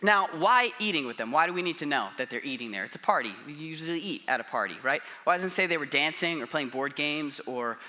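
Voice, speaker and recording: A man's voice: fairly high pitch, animated, quick pace, few pauses, pushed and bright. A man preaching a sermon in a casual, conversational way, often acting out quotes. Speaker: pastor.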